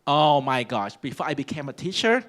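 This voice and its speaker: Middle-aged man, Vietnamese accent, slightly high-pitched; lively humorous speaker with loud emphatic bursts. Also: brisk. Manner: animated storyteller, bursts into loud emphatic exclamations. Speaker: panel speaker, school principal. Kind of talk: humorous personal speech to an audience.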